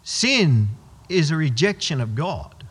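Earnest old lecturer bloke, an aussie pastor quoting him, lively pitch, echoey church. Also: male voice, slow, husky, heavily acted. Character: male Irish Bible college lecturer, earnest. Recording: long church hall reverb.

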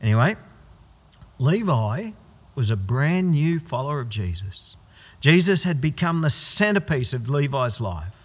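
Animated man preaching in echoey hall. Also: mid-range voice, a little slow, breathy edge. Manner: emphatic, rhetorical questions answered himself. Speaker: pastor. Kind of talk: sermon. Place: church. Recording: long church hall reverb.

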